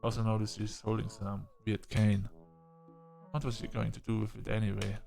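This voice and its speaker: Man reading a game aloud, soft guitar behind. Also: on the low side, moderate pace, creaky. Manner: plain, even narration, giggly asides. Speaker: game narrator. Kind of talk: reading a visual novel aloud.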